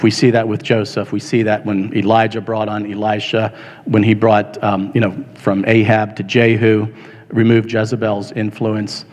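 A male pastor giving a sermon in a conversational, halting way with many fillers, rising now and then to an impassioned retelling. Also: fairly low pitch, a little mellow. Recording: long reverb of a large hall.

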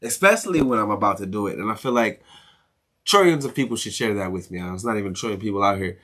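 A man's voice: on the low side, lively intonation, quick pace, pushed and bright. A young man from Maryland hosting a casual solo podcast, ranting with lots of swearing, restarts and chuckles. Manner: profane, rambling rant with frequent laughs. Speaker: podcast host.

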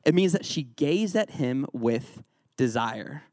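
This youth pastor speaks at a medium pitch, expressive and slightly mellow, taking his time. He leads a Bible lesson in a playful way, joking and quizzing his listeners, captured in studio quality with no echo.

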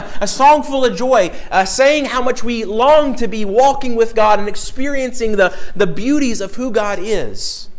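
A man's voice: high voice, a bit bright. A middle-aged man preaching a sermon, earnest, asking his listeners direct questions and repeating key words.

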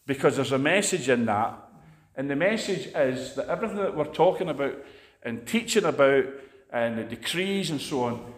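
A Scottish preacher gives a loose, conversational sermon, telling anecdotes in a chatty, animated way at normal speed. His pitch is middling, and the recording has a noticeable roomy echo.

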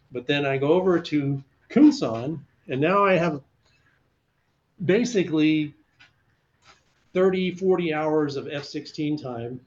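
An older man spins animated stories in a conversational interview and jumps into voices for the people he quotes. His voice sits a touch high for a man. The recording sounds slightly dull and lo-fi. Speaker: guest, retired fighter pilot.

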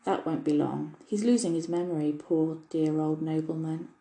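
A woman's voice: low-pitched, fairly even intonation, normal speed, mellow, low-quality recording. A woman voicing a small, kind, mischievous male elf with a droll, chuckling way of talking, reading a storybook. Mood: teasing.

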